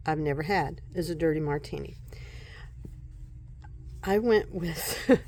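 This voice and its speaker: Soft-spoken lady chatting about tarot decks at home, kinda low voice, takes her time, giggles a lot. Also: slight background noise. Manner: soft-spoken and unhurried, often breaking into giggles. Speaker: tarot vlogger. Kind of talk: casual show-and-tell vlog.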